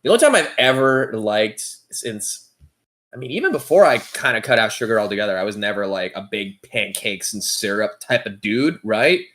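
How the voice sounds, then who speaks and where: A man's voice: lowish voice, animated, moderate pace, fairly bright tone, slight background noise. A man co-hosting a podcast, telling a story in a laid-back, casual way with plenty of swearing. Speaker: podcast co-host. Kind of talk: casual chat.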